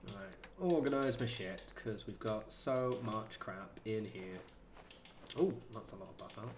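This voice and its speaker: A man's voice: on the low side, expressive, a little slow, a little hiss or hum. A man streaming a game, chatting casually in a rambling, sweary way with lots of fillers. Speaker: gaming streamer. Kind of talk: casual chat while playing.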